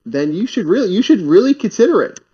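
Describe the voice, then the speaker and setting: Animated talkative man, muffled audio. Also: high voice, fast, husky. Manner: talkative, animated, repeats himself. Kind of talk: casual chat.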